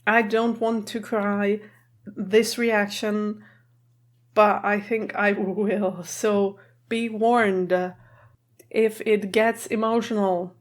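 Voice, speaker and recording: A teary, emotional woman chats and giggles through a casual reaction vlog. She keeps her voice down in a room at home. Her pitch sits in the middle range. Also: level tone, very slow. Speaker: reaction video host.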